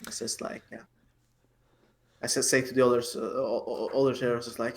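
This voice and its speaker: During a tabletop game, a player talks casually in a hesitant way, stumbling over his words and laughing often. His medium-pitched voice is level in tone and moves at a normal speed.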